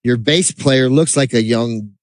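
A man co-hosting a casual podcast chat, telling rambling, animated stories with laughs. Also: mid-range voice, measured pace, dry recording. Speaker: podcast co-host.

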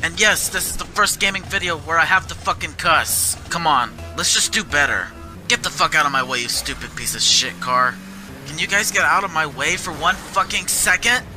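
A man's voice: fairly high pitch, moderate pace. A man giving gameplay commentary, ranting angrily and cursing constantly at his teammates and the game. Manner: angry profane ranting, frequent cursing. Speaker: gamer. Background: game music.

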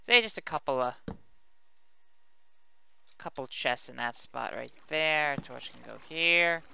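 A man with a very bright, crisp voice and a gravelly edge, chatting casually over his gameplay. He rambles and pokes fun at himself as he goes. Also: on the high side, slow pace, no echo. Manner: rambling, chatty, self-mocking. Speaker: let's play host.

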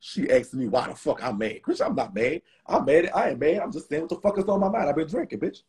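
Hosting a relaxed live stream while a little drunk, this man swears, rambles, and stays animated. He has a Southern US accent and a hoarse, rough voice that is fairly high-pitched and fairly quick.

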